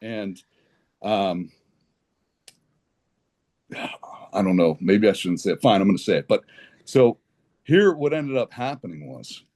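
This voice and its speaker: A man guesting on a podcast, telling an animated, indignant story with blunt language and frequent restarts. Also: fairly low pitch, slow, pauses often. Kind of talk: conversational podcast interview.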